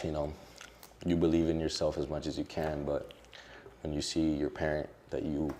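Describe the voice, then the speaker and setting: Very deep-voiced young man, candid. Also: little pitch movement, normal speed, darkish tone. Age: young adult. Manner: emotional, casual, heavy on fillers. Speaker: social media creator as guest. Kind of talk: candid interview conversation.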